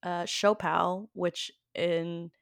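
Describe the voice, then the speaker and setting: A woman's voice: fairly low pitch, steady tone, very slow, gravelly, no echo, studio quality. A woman hosting a podcast, chatting casually with lots of fillers and easy laughs. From Filipino family. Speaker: podcast host.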